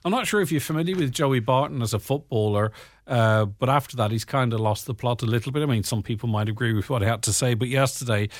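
A man's voice: mid-range voice, fast, dry recording, clean studio sound. An Irish man with a slight English twang, reading news stories and adding his own remarks in a casual, conversational way with frequent fillers. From Ireland. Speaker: radio host reading the papers. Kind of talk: casual news chat with commentary.

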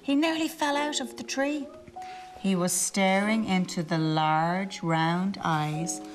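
A woman reading a picture book aloud in an expressive storytelling voice. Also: mid-range voice, slow pace, soft background music. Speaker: storybook reader.

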